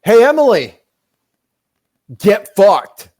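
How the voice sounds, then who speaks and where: Male livestream host, New Hampshire native, foul-mouthed and cocky, a bit high-pitched. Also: big pitch swings, takes it slowly, darkish tone. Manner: profane, joking and boastful. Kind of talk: casual livestream commentary.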